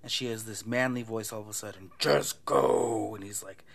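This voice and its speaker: A man's voice: fairly low pitch, fairly even intonation, quick pace, fairly bright tone. A man hosting a casual podcast, retelling a movie plot in a loose, profane way and acting out the lines. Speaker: podcast host recapping a film.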